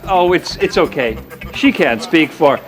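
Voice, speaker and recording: An actor playing an officious, earnest male police detective, formal and deliberate in a sitcom. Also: on the high side, faint music behind. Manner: formal, animated, slow and deliberate. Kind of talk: sitcom acting.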